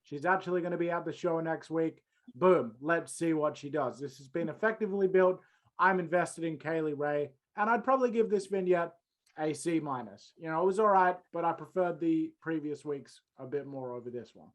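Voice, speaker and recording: A man co-hosting a podcast, recapping and grading segments in a measured, upbeat way. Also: a little high. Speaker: podcast co-host. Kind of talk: casual wrestling review chat.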